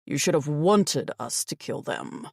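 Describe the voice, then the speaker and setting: A woman's voice: low-pitched, lively intonation, a little slow, vocal fry, dry recording, studio quality, full character voice. A woman voicing a cold, arrogant male winged fae warrior in an audiobook, with curt, clipped replies. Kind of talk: audiobook character voice.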